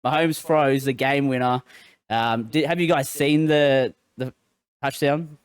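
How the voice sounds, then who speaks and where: A man's voice: mid-range voice, steady tone, unhurried, clear, resonant tone, dry recording, studio quality. A man hosting a casual sports podcast, joking and laughing often. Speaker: podcast host.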